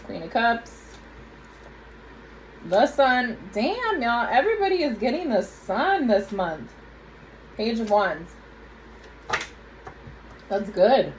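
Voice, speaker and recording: A woman's voice: fairly high pitch, big pitch swings, slow, pauses often, slight background noise, low-quality recording. A woman giving a casual tarot reading to her viewers, chatty and direct, with frequent asides. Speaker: tarot reader.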